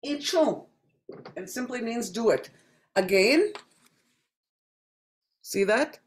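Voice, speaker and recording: A woman teaching a language class, saying each word several times slowly and clearly for learners. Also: a little high, expressive. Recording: echoey classroom.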